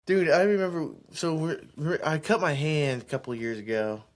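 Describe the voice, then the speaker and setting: A young man in a casual podcast chat, telling excitable stories, laughing and saying bro and dude. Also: fairly high pitch, moderate pace.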